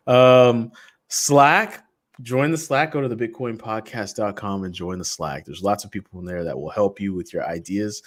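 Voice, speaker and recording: A man co-hosting a podcast, reading promos in a loose, joking way and jumping between loud and soft. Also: on the low side. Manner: animated, jokey, swings loud and soft. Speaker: podcast co-host. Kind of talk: casual chat with show promos.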